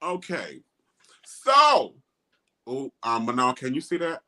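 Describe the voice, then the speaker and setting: Middle-aged guy hosting a chat show, bright forceful voice, really animated. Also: medium pitch, slow pace. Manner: animated, emphatic, quotes others in mocking voices. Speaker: host. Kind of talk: casual discussion.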